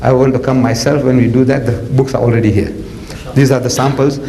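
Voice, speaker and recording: Poor audio captures an Islamic preacher in his seventies with a South African accent, spinning stories in a lively, theatrical, colloquial lecture dotted with "man" and "you know." He talks quickly at a medium pitch that barely moves, his mellow tone edged with vocal fry.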